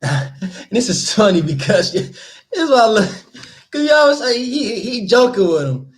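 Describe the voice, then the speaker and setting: A man casually explaining scripture, animated and laughing, acting out the people he talks about. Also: high-pitched, moderate pace. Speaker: teacher leading scripture study.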